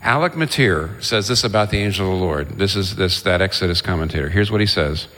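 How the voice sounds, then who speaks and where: Low-voiced preacher in a reverberant hall. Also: male voice, fairly quick, few pauses. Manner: animated storytelling, voices the biblical figures. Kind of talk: sermon. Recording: long reverb of a large hall.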